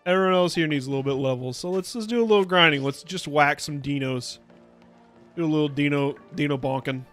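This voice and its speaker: A man's voice: on the high side, fast, a bit bright, faint music behind. Joking man streaming a game. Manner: joking, rambling, bursts of laughter. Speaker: VTuber streamer. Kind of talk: casual let's-play commentary.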